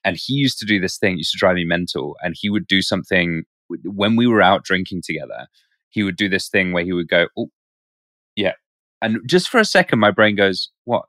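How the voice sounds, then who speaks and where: A man's voice: low voice, animated, a little fast, a bit bright, no room sound, clean studio sound. A man co-hosting a podcast, chatting casually and acting out bits of his stories. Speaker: podcast co-host, actor.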